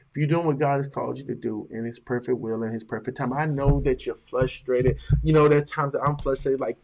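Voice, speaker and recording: A man's voice: medium pitch, a little fast, vocal fry. A pastor preaching a sermon, building emphasis and stretching out his words.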